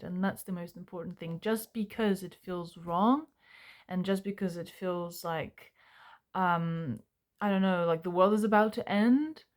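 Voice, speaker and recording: A young woman with a slightly low, a little mellow voice, she is a self-help vlogger giving a reflective personal talk to camera. She comes across as earnest and searching, her sentences halting and restarting, full of fillers.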